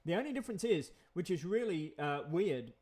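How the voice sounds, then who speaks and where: A man's voice: high voice, sing-song, brisk, darkish tone. A man, chatting in a rambling vlog monologue, repeating himself and chuckling often. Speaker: vlogger.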